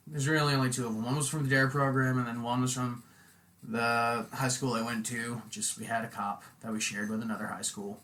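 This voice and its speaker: A man in casual podcast chat, telling stories in a relaxed way full of "like" and "you know". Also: mid-range voice. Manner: relaxed storytelling, loose with fillers like "like".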